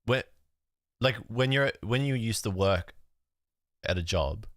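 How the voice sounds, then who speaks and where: A young Australian man as a guest in a casual chat, relaxed and matter-of-fact. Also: on the low side, slow pace, no echo, studio quality.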